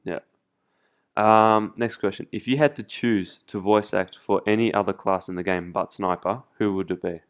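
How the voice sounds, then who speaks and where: A man's voice: lowish voice, fairly even intonation, normal speed, clear, resonant tone. A man with an Australian accent asking interview questions in a laid-back, slangy way. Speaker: interviewer, host.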